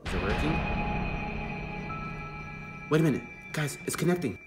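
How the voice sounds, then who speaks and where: Freaked-out guy filming a prank vlog, echoey room, loud music behind. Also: on the high side, normal speed. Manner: excitable, frightened, addresses the viewers. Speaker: vlogger.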